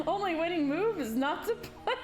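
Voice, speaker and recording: A woman streamer reading a visual novel aloud and reacting with animated, profane, casual commentary. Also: very high-pitched. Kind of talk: live game playthrough, reading text aloud and reacting. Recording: game music underneath.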